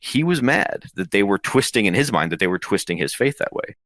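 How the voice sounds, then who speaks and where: A man in his thirties, an interview guest, telling a personal story in a casual, animated way. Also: lowish voice, brisk, dry recording, clean studio sound. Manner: lively, animated retelling with acted quotes.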